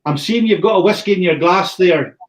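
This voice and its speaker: A man's voice: high-pitched, brisk, a crowd in the background. Chatty Scottish man from the far north. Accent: Scottish, far north (Caithness). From Thurso, north of Scotland. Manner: chatty, rambling storyteller, often restarting phrases. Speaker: whisky distillery presenter. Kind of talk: online whisky tasting talk.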